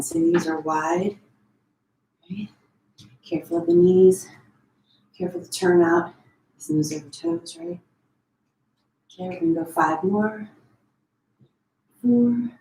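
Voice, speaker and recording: A Pilates instructor, a woman, counts down reps and slips in quick form cues, a little out of breath as she moves. She takes her time between counts. Her voice rings in a roomy, echoey space at home. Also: medium pitch, vocal fry, dark tone. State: a bit out of breath. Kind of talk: live online fitness class cueing. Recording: echoey room.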